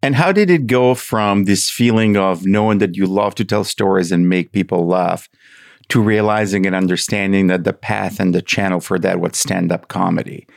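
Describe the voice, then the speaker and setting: A middle-aged man hosting a podcast, asking measured, inviting interview questions. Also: deep voice, gravelly, dry recording, studio quality. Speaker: podcast host.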